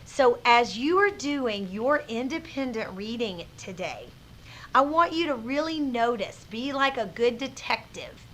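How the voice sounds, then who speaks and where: A woman teacher giving a reading lesson to children, reading aloud expressively with dramatic pauses. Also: a little high, sing-song, a bit bright, slight background noise.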